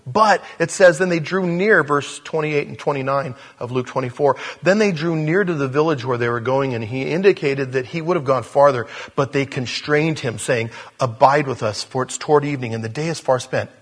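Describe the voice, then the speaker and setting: A man preaching a sermon in a conversational way, growing animated as he reads scripture aloud. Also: medium pitch, moderate pace, few pauses, long reverb tail.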